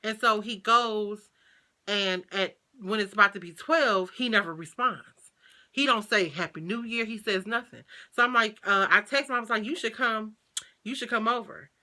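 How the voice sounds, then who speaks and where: A woman, telling a casual storytime. She is chatty and animated, uses lots of slang and fillers, and keeps talking to her viewers. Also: mid-range voice, moderate pace. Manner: slangy, swears freely. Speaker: vlogger.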